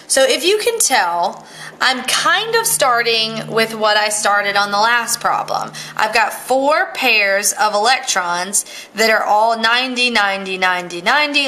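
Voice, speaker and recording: A woman teaches chemistry with a bright, tense edge to her voice. She works through each step of a model in order and keeps checking in with "all right" as she goes. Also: medium pitch. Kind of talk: explaining with a model.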